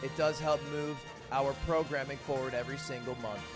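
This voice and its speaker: A young man hosting a livestream, joking and getting excited about incoming numbers. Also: mid-range voice, fairly quick, loud music behind the voice. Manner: playful, excitable, self-mocking. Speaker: livestream host. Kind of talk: joking live commentary.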